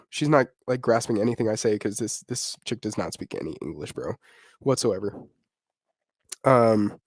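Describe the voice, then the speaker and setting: Young male podcast host, lively raunchy storyteller, dry close-miked sound. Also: medium pitch, no room sound. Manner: animated, swearing, slangy, laughing often. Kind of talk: casual storytelling chat.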